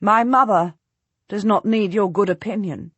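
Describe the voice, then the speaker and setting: A woman's voice: mid-range voice, normal speed, fairly bright tone, dry recording, dull audio. A woman reading an audiobook voices a hot-tempered young nobleman who turns coldly scornful. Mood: icy. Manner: icy, tense. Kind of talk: audiobook narration.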